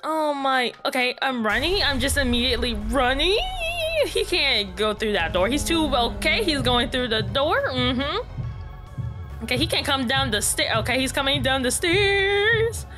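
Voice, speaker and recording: A woman's voice: high voice, expressive, measured pace, bright, forceful tone, soft background music. A young woman giving jumpy, chatty commentary while playing a horror game, talking to herself and laughing at the scares. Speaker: gaming YouTuber.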